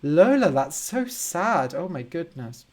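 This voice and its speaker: Guy doing a live english lesson, talks real slow and clear, says hi to viewers. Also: fairly high pitch, sing-song, darkish tone. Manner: slow, clear, simplified speech for learners; greets viewers by name and explains words. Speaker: language teacher hosting a live stream. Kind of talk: casual live-stream chat with viewers.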